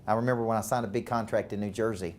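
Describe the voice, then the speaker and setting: A man's voice: fairly low pitch, fairly even intonation, racing. Southern male sales coach, emphatic talk with repeated words and rhetorical questions. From Tennessee.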